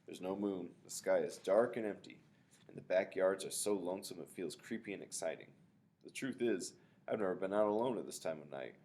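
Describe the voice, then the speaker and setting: A man reading a novel aloud in a relaxed first-person telling, with casual asides. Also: deep voice, a little fast, gravelly. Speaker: reader of a novel.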